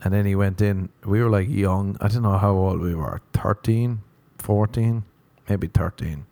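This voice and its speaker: A man's voice: lowish voice, measured pace, vocal fry, warm tone, no echo. An Irish man who does stand-up, telling profane, playful stories in a casual rambling podcast monologue while sunburnt. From Ireland. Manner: profane, playful storytelling with mocking quoted voices. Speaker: comedian podcast host.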